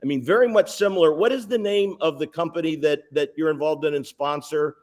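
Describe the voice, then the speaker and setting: Man in his 60s, guest on a sales interview, lively anecdotal storyteller. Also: on the high side, a little fast. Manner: animated, anecdotal, lists details.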